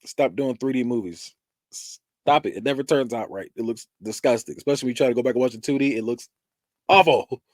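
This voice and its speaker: A man's voice: mid-range voice, a little fast, no room sound, studio quality. A man hosting a podcast, chatting casually and animatedly about movies, laughing, swearing and acting out scenes. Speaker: podcast host. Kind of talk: casual movie-review chat.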